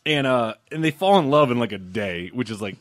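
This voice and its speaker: A man's voice: mid-range voice, expressive, brisk, dry recording, studio quality, soft background music. A man who is a film critic, telling a profane story in casual podcast chat and laughing through it.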